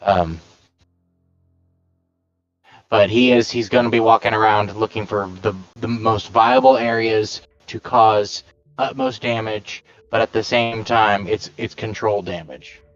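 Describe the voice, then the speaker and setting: Low-voiced rambling man, tabletop player. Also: fairly even intonation, normal speed, lo-fi sound. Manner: rambling, self-correcting. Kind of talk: tabletop game play.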